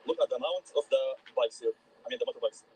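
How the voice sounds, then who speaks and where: A man's voice: medium pitch, fast, warm tone, breathy edge, rough recording. A man walking a city street at night, vlogging live to viewers in simple, slightly broken English and greeting them as he goes. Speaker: travel vlogger.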